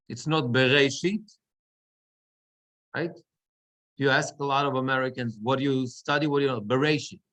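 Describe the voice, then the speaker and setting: A middle-aged man, a cantor, teaching Torah reading in an online class over a video call, slow and halting with frequent restarts. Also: mid-range voice, a bit bright.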